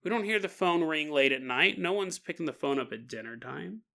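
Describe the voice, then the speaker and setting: A man voicing an older grandmother who speaks in a low-key, weary, matter-of-fact way. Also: expressive, brisk, vocal fry, sharp tone, heavily acted.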